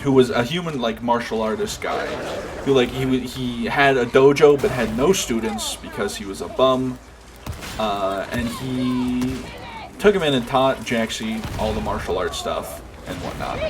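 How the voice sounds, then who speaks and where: A man streaming a game, chatting casually and rambling with lots of fillers and restarts. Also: mid-range voice. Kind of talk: casual chat while gaming. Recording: game noise in background.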